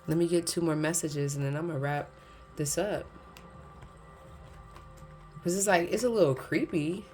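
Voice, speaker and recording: A woman's voice: deep voice, normal speed, darkish tone, soft background music. A woman giving a casual pick-a-card tarot reading, chatty and candid, talking straight to her viewers and laughing between points.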